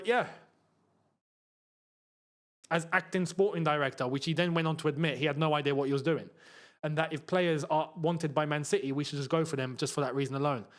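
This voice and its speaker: Male streamer, fairly high voice, loose live football commentary with exasperated repeats. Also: fairly bright tone. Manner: frustrated outbursts, repeats himself. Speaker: football watchalong host. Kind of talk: live casual commentary while reading chat.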